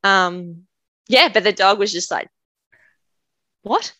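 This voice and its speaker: A woman's voice: mid-range voice, measured pace, sharp tone, dry recording. A woman with an Australian accent, a guest animal communicator who tells chatty stories and laughs often. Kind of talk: casual conversation.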